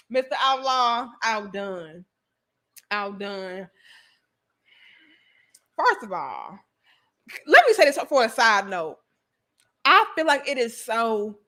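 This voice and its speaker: A woman host giving casual commentary straight to her viewers. Her voice is high and bright. She talks slangy and blunt, teasing the audience and swearing freely.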